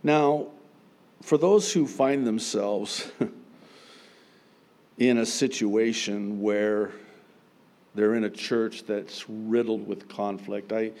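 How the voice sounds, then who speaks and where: Slow, emphatic pastor preaching. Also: male voice, fairly low pitch, steady tone. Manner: slow, emphatic preaching with self-deprecating humor and sudden loud outbursts. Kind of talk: sermon.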